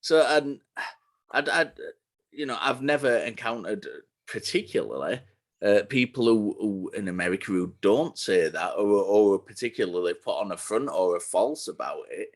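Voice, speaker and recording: A man from England co-hosting a podcast, speaking in a measured way with hesitant restarts. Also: lowish voice, animated. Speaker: podcast co-host. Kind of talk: casual chat.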